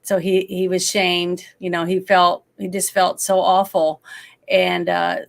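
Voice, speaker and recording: A woman's voice: lowish voice, little pitch movement, measured pace. A woman talking about a movie in a casual chat, emotional and rambling, often trailing off and restarting. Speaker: guest.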